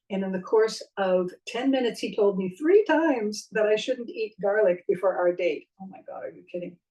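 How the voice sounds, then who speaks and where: A middle-aged woman voice coach giving a spoken lesson, expressive and demonstrating vocal techniques as she talks. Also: medium pitch, far from the mic, poor audio.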